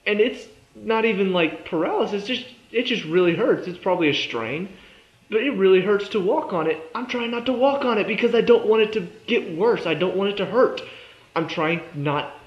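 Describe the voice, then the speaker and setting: A man's voice: sits high, lively intonation, moderate pace. Exasperated young man ranting in echoey room. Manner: exasperated, sarcastic, mimics characters. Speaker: TV episode reviewer. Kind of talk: ranting casual review. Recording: echoey room, dull lo-fi sound.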